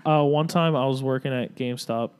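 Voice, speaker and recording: A man's voice: medium pitch, a little fast, darkish tone, clear, resonant tone. Man telling a story on a podcast. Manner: storytelling, acts out dialogue. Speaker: podcast co-host. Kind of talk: casual chat.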